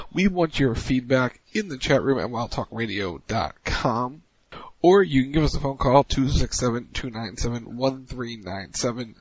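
A man's voice: mid-range voice, slightly rough, muffled recording. A man hosting a casual wrestling talk show over internet radio, loose and joking, often repeating himself. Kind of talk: casual chat.

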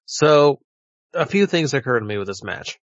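A man with a mid-pitched voice rambles wryly through a casual chat, often stopping to restart. His audio is dry and muffled, with a lo-fi quality. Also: expressive, normal speed, no echo. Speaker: podcast co-host. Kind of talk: casual wrestling prediction chat. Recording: dull lo-fi audio.

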